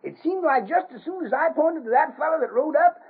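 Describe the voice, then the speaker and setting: A slow old male Civil War veteran on a 1930s radio western, his drawl climbing very high and swooping up and down. The sound is thin and narrow, like an old broadcast transcription. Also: lively intonation. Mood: puzzled. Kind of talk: 1930s radio drama acting.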